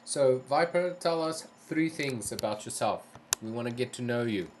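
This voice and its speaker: His mid-range voice is animated, at normal speed, with background noise behind it. He's hosting a live game stream, casually reading chat aloud and putting many polite, careful questions to viewers, easygoing but tired and yawning.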